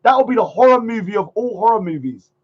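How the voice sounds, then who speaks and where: A fast-talking livestream host with a high, expressive, breathy voice delivers a casual, sarcastic rant. He mocks and repeats phrases in a sing-song, and the stream audio is dull and lo-fi.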